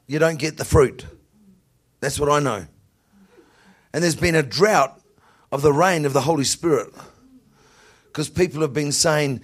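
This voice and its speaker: A man with a high, husky voice preaches a lively sermon. He laughs easily, stumbles over repeated words, and builds up to shouted lines. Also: moderate pace, long pauses.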